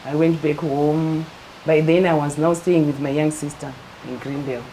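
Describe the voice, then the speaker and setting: Middle-aged woman, deep mellow voice, calm storyteller, faint hiss behind. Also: normal speed, rough recording. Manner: calm, matter-of-fact, acts out quoted dialogue. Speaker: guest sharing her story. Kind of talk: personal storytelling interview.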